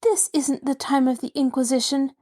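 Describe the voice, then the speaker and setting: A woman's voice: mid-range voice, sing-song, normal speed, dark tone. A woman doing a fierce girl detective. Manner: fierce, defiant. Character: brave defiant teenage girl detective.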